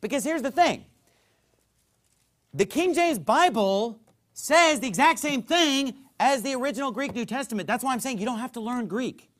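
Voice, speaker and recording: Male preacher, sermon delivery, emphatic and conversational, very expressive pitch. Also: normal speed. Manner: emphatic, conversational, keeps checking in with the listeners.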